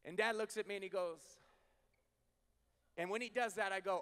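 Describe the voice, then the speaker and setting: A man in his thirties preaching a sermon, moving from hushed storytelling to shouted preaching. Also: sits high, steady tone, normal speed, clear, resonant tone. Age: 30s. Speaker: pastor. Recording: long hall reverb.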